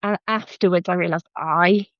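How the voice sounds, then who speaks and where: A woman's voice: lowish voice, moderate pace, dry recording. A young British woman with a British English accent, a podcast guest telling her birth story in casual chat and acting out the lines other people said. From Britain. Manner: lively, re-enacts quoted dialogue with "I was like". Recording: slightly muffled, dry close mic.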